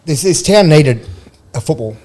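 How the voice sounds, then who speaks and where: An Australian man in his forties from Queensland, a former rugby league player, tells rambling, casual stories as a podcast guest in a radio studio. He laughs through his anecdotes and uses blokey slang. His voice is a little high, expressive, a bit mellow, and at normal speed.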